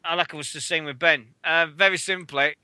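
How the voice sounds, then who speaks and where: A man's voice: on the high side, clean tone, no room sound. A British man co-hosting a wrestling radio show, ranting in casual, sweary chat. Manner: swearing, excitable, fast ranting.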